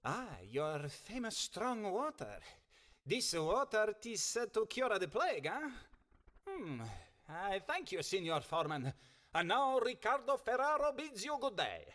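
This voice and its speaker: An actor playing a boastful Venetian gentleman in a video game, with a thick comic Italian accent that mixes in Italian words. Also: sits high, very animated, a little slow, heavily acted. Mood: theatrical.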